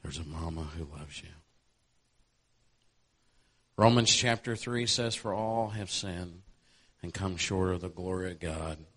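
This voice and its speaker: Low-voiced male preacher, impassioned. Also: unhurried, long pauses. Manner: builds from quiet storytelling to loud impassioned altar call. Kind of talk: sermon.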